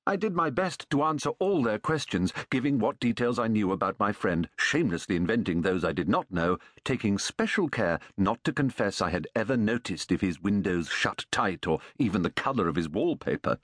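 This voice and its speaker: Husky guy reading a story out loud, voice goes up and down a lot. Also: lowish voice, dry recording, studio quality. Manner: measured, expressive reading. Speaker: audiobook narrator. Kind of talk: scripted storybook narration.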